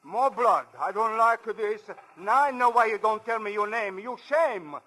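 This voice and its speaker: An actor playing a talkative older immigrant station sweeper in a vintage radio drama, speaking broken English. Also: male voice, high voice, moderate pace, sharp tone. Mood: alarmed. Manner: broken English, friendly chatter. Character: older immigrant male railway platform sweeper, chatty and nosy. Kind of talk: 1940s radio acting.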